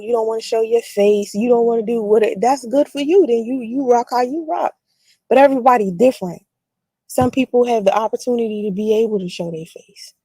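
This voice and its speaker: A woman's voice: mid-range voice, creaky, dark tone, slightly rough, no room sound. A woman vlogger in a blunt, profane, defiant rant. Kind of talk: ranting monologue.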